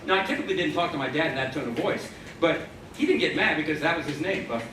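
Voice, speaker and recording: A stage magician spins a wry, pun-filled story for a live audience. His voice sits high for a man and carries a playful, knowing edge. It is heard from a distance across an echoing theater, with a crowded house murmuring behind him. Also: expressive, quick pace, background noise. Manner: punning, wry storyteller who plays to the audience. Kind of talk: comic storytelling patter during a magic act.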